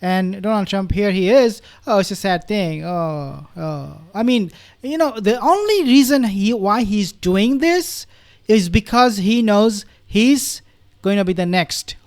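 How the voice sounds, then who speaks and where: A man's voice: sits high, animated, measured pace. A man hosting a political commentary show, reacting to news clips in an indignant, sarcastic way.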